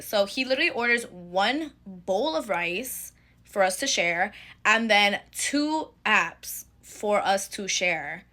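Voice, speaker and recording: Sassy bright-voiced young woman telling a story. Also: medium pitch, moderate pace. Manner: animated, sassy, swears freely. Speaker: storytime vlogger. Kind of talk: casual storytelling.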